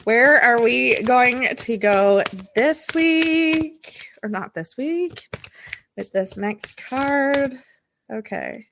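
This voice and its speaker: A woman's voice: medium pitch, a bit bright. A woman hosting a casual solo podcast, reading oracle cards and talking through her thoughts with lots of fillers. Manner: thinking aloud, many fillers. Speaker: podcast host and manifestation coach.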